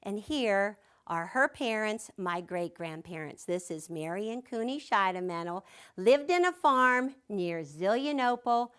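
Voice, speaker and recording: A woman's voice: mid-range voice, lively intonation, a little slow, a bit bright, clean tone. Chatty older woman teaching quilting. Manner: chatty, folksy, mixes family stories into instructions. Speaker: quilting instructor. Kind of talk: sewing demonstration.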